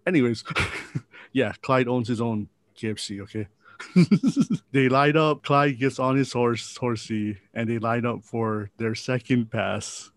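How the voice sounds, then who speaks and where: A man narrates a tabletop adventure as game master at an unhurried pace, slipping in jokes and laughing at them. His voice is close and dry. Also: medium pitch, no room sound. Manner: laughing, joking asides.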